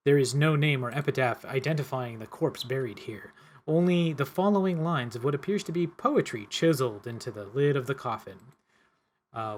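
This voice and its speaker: A man with a medium-pitched voice speaks briskly while playing a cooperative card game. He reads the story text aloud, stumbling and correcting himself along the way.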